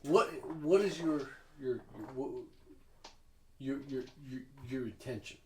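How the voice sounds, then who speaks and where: A man's voice: mid-range voice, lively intonation, mellow, close to an everyday voice. A man putting on a haughty Southern shopkeeper woman. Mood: probing. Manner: stammering, halting. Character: haughty female cosmetics seller with a put-on Southern drawl. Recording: echoey room from far off, faint noise.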